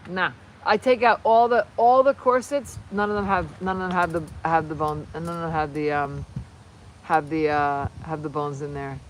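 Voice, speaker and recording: A woman hosting a casual livestream on her phone while crafting, rambling and excitable, often breaking off mid-sentence. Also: sits low, normal speed, a little hiss or hum, poor audio. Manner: rambling, excitable, self-interrupting. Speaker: channel host.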